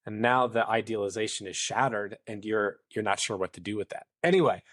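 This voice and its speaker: A man's voice: on the low side, brisk, a bit bright, no room sound, studio quality. A man, a podcast guest, explaining at length in an earnest conversational way, acting out the inner voices of the people he describes. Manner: long-winded, earnest, acts out inner voices.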